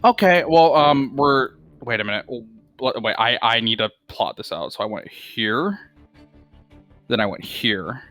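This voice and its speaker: Tabletop player, lively pitch, hesitant, thinks aloud, faint music behind. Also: measured pace. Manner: hesitant, thinking aloud, swearing, bursts of excitement. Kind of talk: casual tabletop play.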